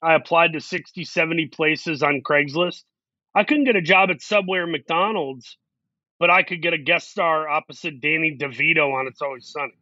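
A man's voice: fairly high pitch, moderate pace, pushed and bright, no room sound, lo-fi sound. A man, an actor guest, telling long self-deprecating stories in a casual interview. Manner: rambling, self-deprecating anecdotes.

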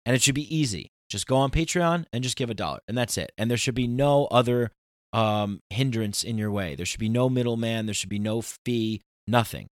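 A man's voice: medium pitch, a little fast, dry recording, studio quality. A man hosting a podcast, talking in a casual, ranting monologue with emphatic outbursts. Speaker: podcast host.

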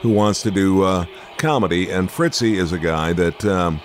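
A man's voice: low voice, moderate pace. An older man hosting a radio-style podcast, chatting in a jokey, rambling way with frequent restarts. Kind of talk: casual interview chat.

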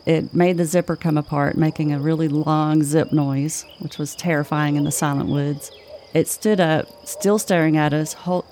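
A woman co-hosting a podcast, telling a spooky story in a slow, measured way. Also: low voice, a little hiss or hum. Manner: slow, measured, flat delivery. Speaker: podcast co-host. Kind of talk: spooky campfire-style storytelling.

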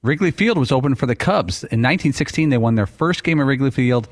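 A man co-hosting a sports radio show, delivering quick, dry quips and sports trivia. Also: mid-range voice, expressive, slight background noise. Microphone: studio microphone.

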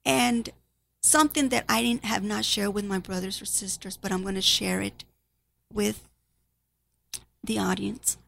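Emotional woman with a gravelly voice. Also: mid-range voice, steady tone, a bit bright. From Spanish-speaking background. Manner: emotional, halting, drops to near whisper at times. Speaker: nurse. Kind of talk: personal testimony to an audience.

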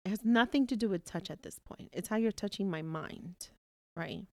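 A woman's voice: medium pitch, normal speed, dry recording. A young woman co-hosting a podcast, talking frankly and swearing freely in casual chat. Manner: frank, profane, laughing. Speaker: podcast co-host.

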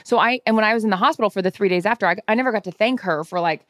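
A woman's voice: mid-range voice, rapid-fire, a bit bright, dry recording. Chatty woman in her thirties, dry sound. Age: 30s. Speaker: podcast co-host. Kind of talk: casual chat.

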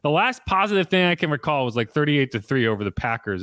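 A man's voice: medium pitch, very animated, fast talker, few pauses, fairly bright tone, no room sound, studio quality. A man hosting a sports podcast, talking loosely and conversationally with frequent restarts. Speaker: podcast host and sports reporter. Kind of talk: casual sports podcast chat.

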